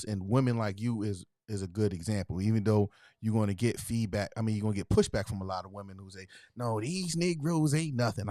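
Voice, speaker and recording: A man's voice: lowish voice, a little mellow, no room sound, clean studio sound. A man hosting a casual talk show, asking guests questions in a laid-back way and laughing often. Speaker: podcast host. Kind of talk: casual chat.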